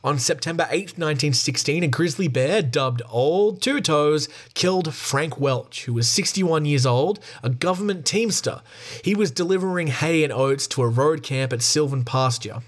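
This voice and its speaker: A man's voice: fairly high pitch, lively intonation, normal speed. A man casually reading stories from a book aloud, breaking off for jokey, profane asides.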